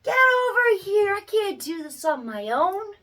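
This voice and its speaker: A woman's voice: very high voice, very animated, measured pace, sharp tone, a little hiss or hum, voice pushed up, full character voice. A woman voicing a frightened toddler learning to walk, pleading and stammering in a raised voice. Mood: scared pleading.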